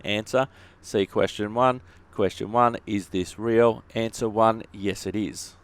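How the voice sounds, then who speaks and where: A man's voice: fairly low pitch, steady tone, unhurried, clean tone. An Australian man hosting bus simulator gameplay, answering viewer questions with dry, joking humour. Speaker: YouTube gaming host.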